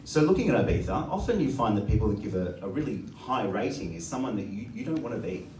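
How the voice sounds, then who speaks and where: Man, stand-up comedian, crude and sardonic, animated pitch, echoey room, distant mic, audience laughter. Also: fast, a little hiss or hum. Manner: crude, sardonic storytelling with lively swings. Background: audience laughter and room ambience.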